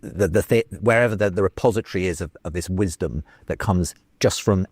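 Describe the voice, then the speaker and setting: A man in a debate discussion, speaking haltingly and searching for his words. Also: sits low, darkish tone, breathy edge, no echo.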